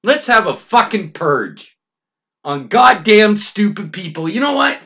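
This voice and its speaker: A man's voice: high-pitched, big pitch swings, measured pace, bright, forceful tone. A middle-aged Canadian man hosting a podcast, ranting angrily with constant swearing and emphatic outbursts. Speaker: podcast host. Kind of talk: profane ranting monologue.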